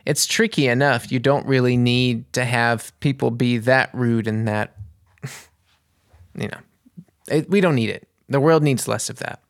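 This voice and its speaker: Man, mid-pitch, vlog storyteller, chatty and rambling, dry close recording. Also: a little slow, creaky, no room sound. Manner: rambling, restarts and searches for words. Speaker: vlogger. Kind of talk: casual storytelling to camera.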